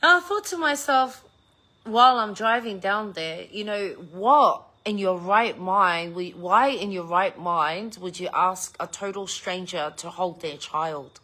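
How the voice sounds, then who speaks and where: A woman's voice: mid-range voice, measured pace, sharp tone. A middle-aged woman, chatting casually with viewers, telling a story and swearing freely. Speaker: vlogger chatting live with viewers. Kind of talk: casual chat.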